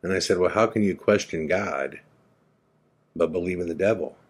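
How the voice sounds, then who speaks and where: A podcast host, a man, slowly and quietly retelling a heartfelt conversation, quoting both sides. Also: low-pitched, breathy edge. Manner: slow, quiet, reflective retelling with quoted dialogue. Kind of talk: emotional personal storytelling.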